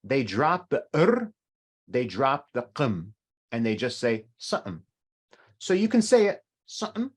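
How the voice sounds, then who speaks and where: A middle-aged man teaching an online language class over a video call, patiently explaining with examples. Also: mid-range voice. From North America.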